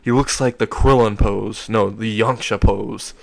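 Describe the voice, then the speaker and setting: A man narrating a comedic fan story in a rambling, excitable way, correcting himself as he goes. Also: on the low side, unhurried, gravelly, dry recording.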